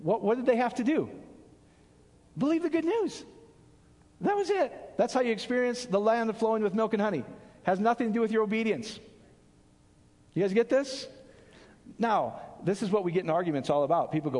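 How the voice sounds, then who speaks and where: A male pastor preaching an animated sermon, quizzing his audience and answering his own questions. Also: high-pitched, brisk, long pauses. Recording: long hall reverb.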